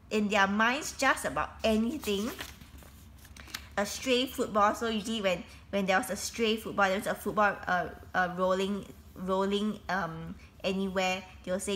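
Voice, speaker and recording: Woman, bright voice, reading a storybook aloud, explains in plain words, restarts often. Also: mid-range voice, normal speed. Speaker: reader.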